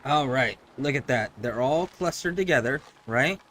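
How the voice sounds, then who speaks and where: A man's voice: mid-range voice, animated, moderate pace, fairly bright tone, a little hiss or hum. A man streaming a video game, talking casually and rambling through his thoughts with frequent restarts. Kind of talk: casual gameplay commentary.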